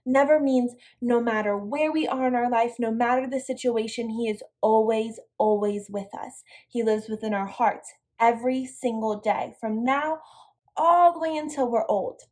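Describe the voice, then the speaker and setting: A woman's voice: a little high, normal speed, a little mellow. A young woman leading an online devotional lesson for a girls' youth group, upbeat and encouraging as she speaks straight to the girls.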